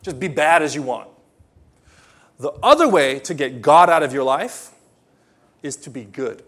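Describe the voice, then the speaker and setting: A man preaching a sermon as pastor, moving from hushed, slow passages to loud, excited ones. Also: fairly high pitch. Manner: emphatic, swings from hushed to loud voices of imagined people.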